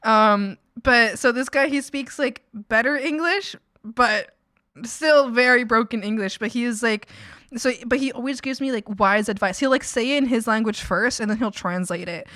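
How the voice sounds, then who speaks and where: A woman's voice: a little high, moderate pace, pushed and bright, no echo, clean studio sound. A young woman streamer telling rambling stories about her coworkers in casual chat, giggling often and quoting people in her own voice.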